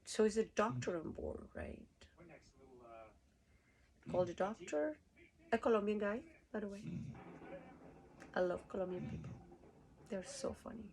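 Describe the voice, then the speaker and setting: A woman's voice: medium pitch, lively intonation, unhurried, creaky, long pauses, darkish tone, rough recording. A woman from Rica, telling a rambling story casually, laughing often and swearing freely. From Costa Rica. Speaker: cruise ship worker.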